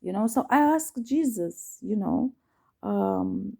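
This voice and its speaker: A woman recounting a personal story to her viewers in a low, gravelly voice with a dark, mellow tone. She hesitates often, restarts her sentences and fills pauses with ums. She leans hard on repetition and lets a curse slip when upset. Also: animated. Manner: emphatic, repeats herself. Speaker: vlogger.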